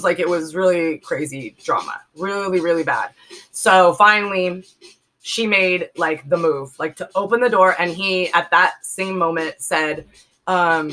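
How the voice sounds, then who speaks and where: A woman's voice: on the low side, normal speed, bright, forceful tone, rough recording. A woman in her forties from the Bay Area, telling a personal story in a candid, rambling way full of fillers. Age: 40s. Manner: rambling, emphatic, many fillers. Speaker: vlogger telling a personal testimony.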